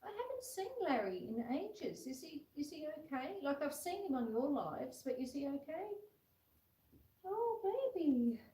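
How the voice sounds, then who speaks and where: High-voiced woman chatting on a livestream. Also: very animated, normal speed, hardly any pauses, mellow. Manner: chatty, reads viewer comments aloud and coos at the puppy. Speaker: homestead livestream host. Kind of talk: casual livestream chat. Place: indoors at home, seated with a puppy on her lap. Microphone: phone camera set far back. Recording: roomy and distant from the camera.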